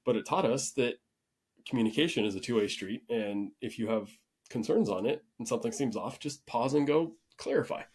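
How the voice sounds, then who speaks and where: A man hosting a podcast, telling a story in a relaxed, rambling way with frequent restarts. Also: medium pitch, brisk, husky. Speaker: podcast host. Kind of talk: casual conversational storytelling.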